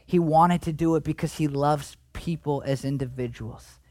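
A man's voice: fairly high pitch, normal speed, no echo. Conversational male pastor preaching. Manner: conversational preaching, swings from animated to hushed. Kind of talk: sermon.

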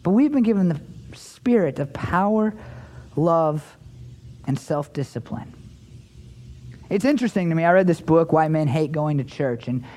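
A man preaching a sermon in an earnest, repetitive way, often restarting phrases and swinging his pitch up and down for emphasis. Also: animated, moderate pace, long pauses, darkish tone. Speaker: pastor.

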